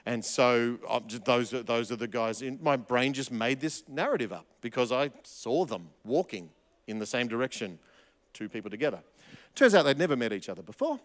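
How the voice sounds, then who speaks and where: Animated pastor preaching in a hall. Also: male voice, medium pitch, moderate pace. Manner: animated, with frequent restarts and emphatic repetition. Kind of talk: sermon.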